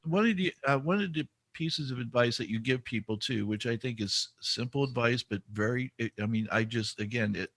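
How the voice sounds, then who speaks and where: A man's voice: medium pitch, moderate pace, hardly any pauses, fairly bright tone, no room sound. A man hosting a podcast interview, enthusiastic and a bit rambling, often restarting his sentences. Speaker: podcast host. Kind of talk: casual interview conversation.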